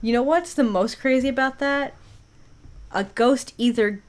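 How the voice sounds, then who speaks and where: A woman's voice: a little high, unhurried. A woman co-hosting a ghost-story podcast, casual, laughing and swearing as she tells stories. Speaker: podcast co-host. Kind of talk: casual chat.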